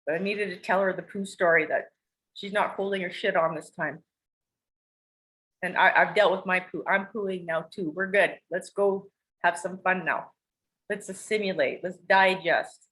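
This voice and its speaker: A woman's voice: lowish voice, fairly even intonation, moderate pace, fairly bright tone, poor audio. A woman telling personal stories as a podcast guest, rambling, emotional and confessional, with casual swearing. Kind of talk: candid personal storytelling.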